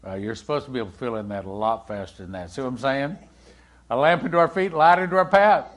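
A man preaching a sermon in a conversational way, asking the congregation questions and swinging between loud and hushed delivery. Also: medium pitch, fast. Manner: animated, swings from loud to hushed, acts out quoted dialogue.

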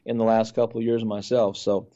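A man's voice: on the low side, level tone, fairly quick, dark tone, dull audio. A man who is a pastor and a guest on the show, speaking earnestly and often repeating words as he talks. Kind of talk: sermon-like testimony.

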